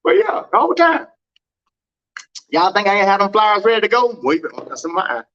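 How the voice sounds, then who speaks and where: A man hosting a casual livestream from home, telling a story and acting out quoted dialogue with big pitch swings. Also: sing-song, fairly quick, fairly bright tone, dull audio. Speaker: track and field livestream host.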